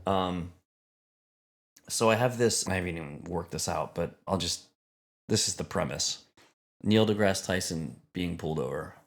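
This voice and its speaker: A man's voice: low-pitched, moderate pace, long pauses. A man hosting a comedy podcast in easygoing casual chat, laughing often. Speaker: podcast host.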